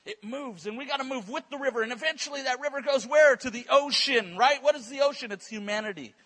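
A male preacher with a very high, bright voice that has a husky edge. He tells stories at a church service in a lively way, stumbling over repeated words as he builds momentum. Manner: animated, repeats words in quick bursts. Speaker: guest preacher. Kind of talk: sermon with storytelling.

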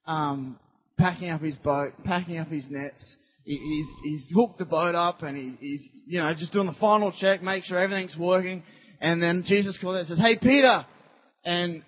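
A man preaching a sermon in a rambling, conversational way, full of fillers. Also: on the high side. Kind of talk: sermon storytelling. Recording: dull lo-fi recording.

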